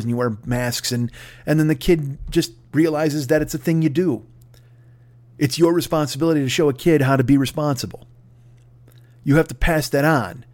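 A man's voice: a little high, a little mellow. A middle-aged man hosting his own show, ranting profanely and acting out the people he mocks. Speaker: podcast host. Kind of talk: solo comedic rant.

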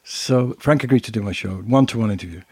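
An older man with a British accent, co-hosting a casual chat and telling anecdotes in an animated way. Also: lowish voice, quick pace, breathy edge, no room sound, studio quality. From Britain. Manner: storytelling, animated asides. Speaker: co-host.

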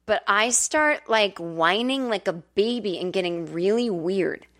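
A woman's voice: lively intonation, unhurried, a bit bright. Chatty woman host telling a story. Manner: candid, chatty, swears freely, acts out quotes in a high whiny voice. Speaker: podcast host. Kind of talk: casual storytelling monologue. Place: temporary home in Brooklyn.

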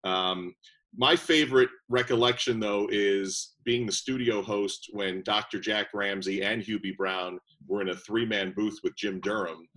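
A man who works as a radio play-by-play announcer, telling lively anecdotes in a casual interview and voicing the people he quotes. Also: on the low side, measured pace, poor audio.

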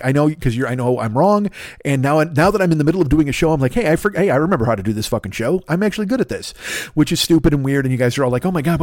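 A man's voice: fairly high pitch, darkish tone, no echo, clean studio sound. A man in his fifties, hosting a solo comedy podcast from his apartment in a profane, rambling, cranky rant. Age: 50s. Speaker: podcast host. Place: home apartment.

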